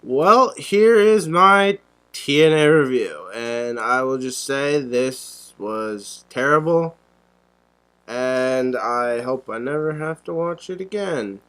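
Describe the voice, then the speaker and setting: A man's voice: medium pitch, animated, takes it slowly, fairly bright tone. A young man co-hosting a podcast, talking bluntly and sarcastically and swearing often. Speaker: podcast co-host. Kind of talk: casual podcast chat.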